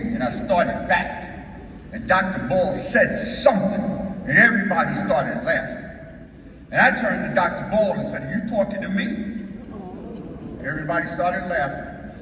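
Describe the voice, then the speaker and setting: A man gives an emphatic, folksy storytelling speech to an audience, often asking "Okay?" His voice is a little high and a bit bright, recorded far from the mic in an echoey hall with faint noise.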